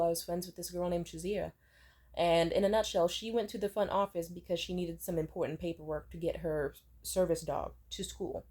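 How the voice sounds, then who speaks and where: A woman in her twenties telling personal stories in a casual vlog, blunt and profane, with lively swings in pitch and loudness. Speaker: vlogger. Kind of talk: casual storytime monologue.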